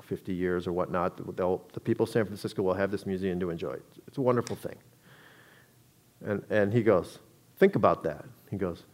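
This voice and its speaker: A man giving a public talk to an audience, telling a story in a conversational way with frequent restarts. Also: fairly low pitch.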